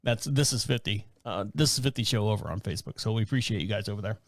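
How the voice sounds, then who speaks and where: With a lowish voice and a quick pace, a man in his fifties hosts a podcast out of a small rural town. He spins funny, rambling stories casually, laughing often and performing voices with animated flair. The sound is dry and clean, like a studio.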